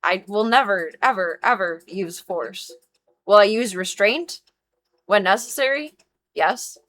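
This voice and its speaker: A woman in her thirties chats on a live stream in a bright, sharp voice. She talks frankly and with emphasis, swearing freely as she explains her work as a dog groomer. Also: mid-range voice, unhurried. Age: 30s. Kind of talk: casual live-stream chat.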